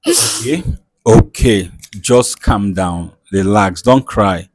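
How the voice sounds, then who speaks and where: A man hosting a comedy skit in his studio, soothing his guest with repeated calming words. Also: lowish voice, slow pace, dry recording, low-quality recording. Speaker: host.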